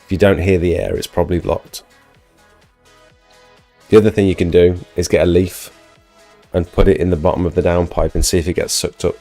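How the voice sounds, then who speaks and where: A man's voice: low voice, level tone, a little fast, pauses often, dark tone, soft background music. A man hosting a live stream, chatting casually as he answers viewer questions while getting over an illness and losing his voice. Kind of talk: casual live Q&A about pressure washing.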